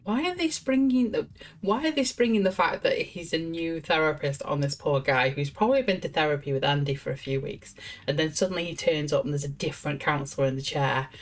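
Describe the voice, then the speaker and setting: Chatty woman streamer, quick and amused, lower voice. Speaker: streamer playing a therapy game. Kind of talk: live gameplay commentary.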